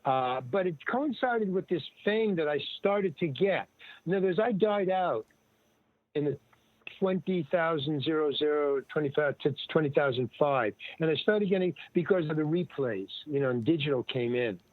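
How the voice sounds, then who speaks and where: A man's voice: on the high side, normal speed, no echo. An older man telling stories in a rambling, digressive way, often restarting and quoting other people. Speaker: guest. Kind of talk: rambling casual storytelling. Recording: tinny phone-like line, dry.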